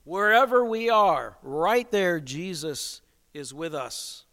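Male preacher, slightly high voice, emphatic sermon delivery, long hall reverb. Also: animated, slow pace, a bit bright. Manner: emphatic, rhetorical questions.

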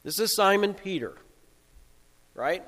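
A male pastor giving a sermon in a relaxed, conversational storytelling way. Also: high-pitched, measured pace, in a large hall.

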